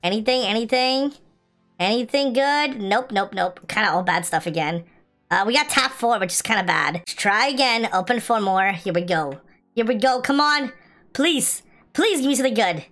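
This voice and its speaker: Excitable young woman gaming. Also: a little high, moderate pace. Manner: excitable, pleading, complains then shouts with joy. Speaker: gaming video host. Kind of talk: casual gameplay commentary. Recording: light music in the background.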